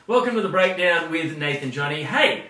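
An Australian man co-hosting a music reaction show, jokey and animated in casual chat. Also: on the high side, moderate pace, crowd noise. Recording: roomy sound, mic at a distance.

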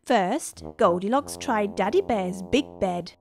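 Lively slow woman storyteller. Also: medium pitch. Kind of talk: children's story narration. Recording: dry studio with soft music.

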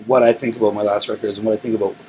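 A man's voice: on the low side, very fast, slight background noise, rough recording. A male musician in a studio interview, telling rambling stories with lots of restarts. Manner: relaxed, rambling storytelling with frequent restarts. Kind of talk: casual interview talk. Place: recording studio.

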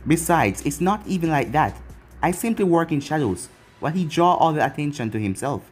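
A man voicing a calm, smug young male ninja who speaks dismissively, in a husky voice. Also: fairly high pitch, fairly quick, faint music behind.

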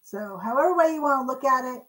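A woman's voice: sits high, expressive, fast talker, a bit bright, low-quality recording. A woman hosting a live online auction in a chatty, casual way, describing items and counting down bids. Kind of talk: casual live-stream selling.

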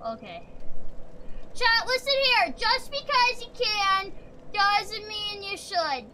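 Brash, foul-mouthed woman streamer with a very high voice, chatting at her viewers over a noisy home mic. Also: expressive, takes it slowly. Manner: brash, joking, swearing, talking to chat.

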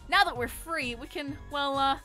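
A woman's voice: high voice, moderate pace, bright, forceful tone, soft background music. A woman reading as a nerdy, nervous lady scientist. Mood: eager. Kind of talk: reading game dialogue aloud.

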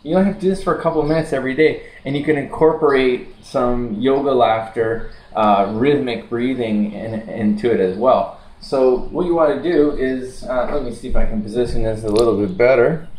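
A man with a morning voice, talking casually to camera in a relaxed, rambling way with many fillers. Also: mid-range voice, moderate pace. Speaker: wellness vlogger. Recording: roomy echo.

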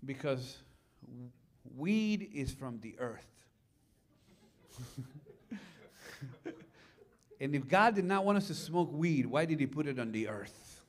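A middle-aged male pastor giving a lively conference talk, chatting with the audience and asking them questions. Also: medium pitch, slow, pauses often. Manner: animated, conversational, asks the audience questions.

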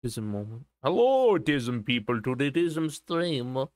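A man's voice: medium pitch, unhurried, no room sound, clean studio sound. A tired man streaming a game, rambling crudely and goofily to his chat. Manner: rambling, crude and goofy, drifting into silly voices. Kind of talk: casual live-stream chatter.

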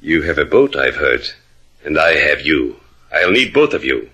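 A husky, gloating villain. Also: male voice, very deep voice, sing-song, pushed and bright, full character voice. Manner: slow, gloating. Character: menacing male villain, cold and ironic. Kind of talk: 1950s radio drama acting.

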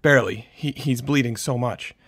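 A man's voice: mid-range voice, measured pace, dry recording, studio quality. A man voicing a panicked young adoptive mother, pleading breathlessly on an emergency call. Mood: frantic.

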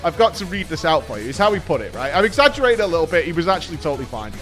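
A British man in his thirties hosting a podcast, telling a story in a casual, animated way and swearing freely. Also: a little high, very fast, soft background music. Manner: animated, swears, laughs while telling stories. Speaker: podcast host.

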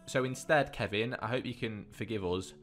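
A man hosting a gaming video, giving excitable gameplay commentary, swearing constantly and bursting into yells. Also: on the low side, moderate pace, faint music behind.

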